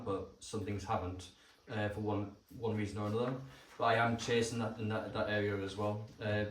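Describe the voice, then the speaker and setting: A man reporting at a council meeting in an earnest way, repeating himself as he goes. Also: fairly low pitch. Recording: echoey room, distant mic, faint noise.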